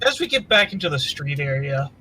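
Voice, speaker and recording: A man's voice: on the high side, big pitch swings, brisk, bright, forceful tone, slight background noise, low-quality recording. A man playing a tabletop game, chatting and describing what his character does. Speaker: player. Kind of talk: casual tabletop game chat.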